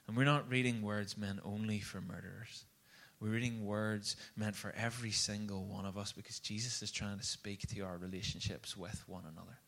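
A man preaching a sermon, telling a story in an animated, conversational way. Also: on the low side.

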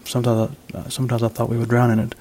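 A man reading the lines of a dead wife in a story, speaking softly and tenderly. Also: medium pitch, monotone, rapid-fire, a little hiss or hum, natural voice. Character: grieving widow's late wife, gentle middle-aged woman.

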